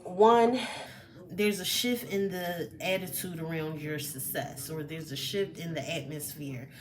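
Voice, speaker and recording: Woman doing a chatty vlog, kinda low voice, takes her time, lots of fillers. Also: unhurried. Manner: chatty and expressive, with fillers, acts out quoted remarks. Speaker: personal development coach. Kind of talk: casual talk to camera.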